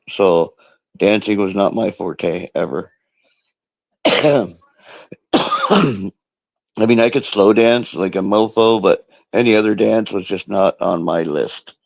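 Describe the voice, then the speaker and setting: A man hosting an online poetry show, giving relaxed, rambling feedback with lots of fillers. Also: on the low side, gravelly, no room sound, rough recording. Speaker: show host. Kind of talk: casual chat about poetry.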